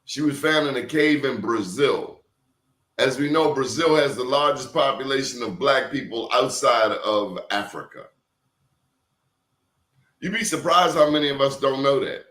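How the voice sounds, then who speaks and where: A man's voice: mid-range voice, a little slow, a bit bright. A man in casual conversation, telling stories emphatically with blunt slang. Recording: roomy echo.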